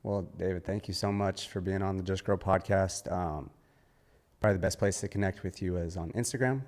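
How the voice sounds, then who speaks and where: A man's voice: low voice, steady tone, fairly quick, darkish tone, in a large hall. A man hosting a podcast interview, asking questions in an easygoing, somewhat hesitant way. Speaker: podcast host.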